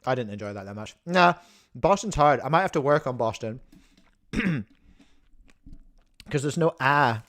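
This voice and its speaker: A man hosting a livestream in a casual, rambling, jokey way, chewing a snack as he talks. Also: medium pitch. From New Zealand. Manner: rambling, self-interrupting, jokey. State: chewing while talking. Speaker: livestream host.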